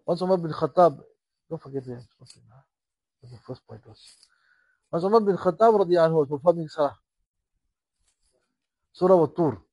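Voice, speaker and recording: A man preaching a sermon with a husky voice, impassioned, rising and falling in volume and acting out the dialogue he tells. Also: a little high, expressive, a little fast, pauses often, mellow, dry recording, poor audio.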